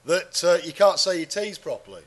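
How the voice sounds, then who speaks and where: High-voiced man with a stuffy cold. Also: sing-song, fairly quick. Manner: jokey, puts on silly voices, rambling. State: has a head cold and sore throat. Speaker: podcast co-host. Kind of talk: joking casual chat.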